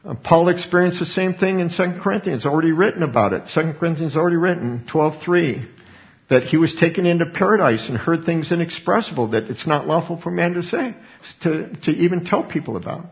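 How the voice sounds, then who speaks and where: A male preacher giving a sermon, expounding scripture earnestly and breaking into animated asides, on a dull lo-fi recording. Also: a little high, brisk, gravelly.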